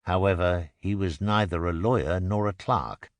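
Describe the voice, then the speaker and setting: A man narrating an audiobook in a measured, expressive storytelling manner. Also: sits low, no room sound. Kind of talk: scripted narration. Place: recording booth. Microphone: close studio mic.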